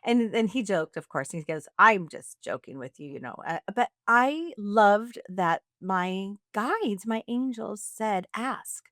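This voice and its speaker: A woman co-hosting a podcast, telling a story in a casual, animated way and acting out the quoted lines. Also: mid-range voice, slow, few pauses, dry recording, clean studio sound. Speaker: podcast co-host.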